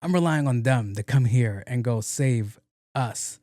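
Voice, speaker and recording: A man's voice: mid-range voice, unhurried, dark tone, no room sound, studio quality. A young man hosting a casual solo podcast, rambling with slang and swearing. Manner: rambling, profane, slangy, acts out quotes. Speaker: podcast host.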